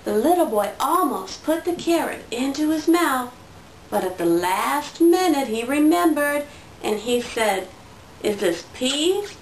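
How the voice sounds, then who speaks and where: A woman reading a picture book aloud to her toddler in a slow, sing-song storytelling voice. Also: high-pitched, expressive, far from the mic. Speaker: parent reading to her child. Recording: roomy sound from away from the mic, faint noise.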